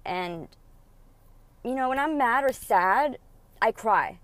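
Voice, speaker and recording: A woman's voice: on the high side, expressive, takes it slowly, a bit bright, no room sound. A woman, a mother, telling her own story in a candid storytime monologue. She is blunt, swears freely and acts out what others said. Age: adult mother. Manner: blunt, profane and emotional, quoting others in dialogue.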